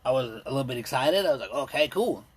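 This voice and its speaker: A man in his thirties doing a rambling, self-deprecating stand-up set, full of ums and pauses. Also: medium pitch, expressive, breathy edge. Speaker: stand-up comedian. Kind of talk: stand-up set streamed live. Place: indoors at home.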